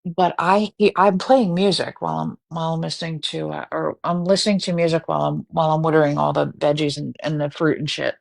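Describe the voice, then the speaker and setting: A woman telling a story casually on a live stream, animated and profane. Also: deep voice, a little fast, creaky, hardly any pauses. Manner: animated, profane, breaks into screaming reenactments.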